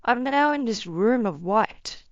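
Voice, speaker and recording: An earnest woman gives an emotional personal testimony, her voice sitting a little high and often trailing off softly. The sound is dull and dry, with no room around it. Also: expressive, measured pace, no room sound. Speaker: near-death experience storyteller.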